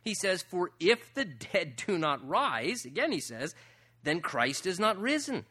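A male pastor preaching a sermon, emphatic and full of rhetorical questions, swinging between loud and soft passages. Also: high-pitched, big pitch swings, a little slow, breathy edge.

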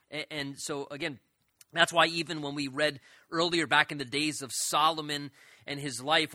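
Earnest preacher with a bright, dry voice. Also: male voice, fairly high pitch, no echo. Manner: earnest, emphatic with drawn-out quoted lines. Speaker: pastor. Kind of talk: expository sermon.

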